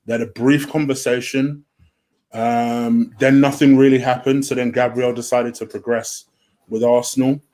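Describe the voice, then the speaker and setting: A man's voice: mid-range voice, little pitch movement, moderate pace, darkish tone. A man hosting a home-made football transfer rumour show, chatty and easily sidetracked, with a lot of "um". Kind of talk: casual solo commentary. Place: home room.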